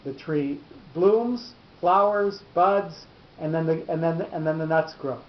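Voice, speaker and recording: A man's voice: on the high side, fairly even intonation, moderate pace. A man teaching a class on Torah cantillation, explaining patiently step by step and restarting his sentences often. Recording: echoey lo-fi room recording.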